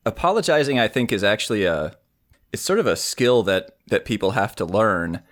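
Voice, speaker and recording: A man's voice: lowish voice, very animated, moderate pace. A man co-hosting a podcast in casual chat, chiming in with short wry remarks. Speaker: podcast co-host.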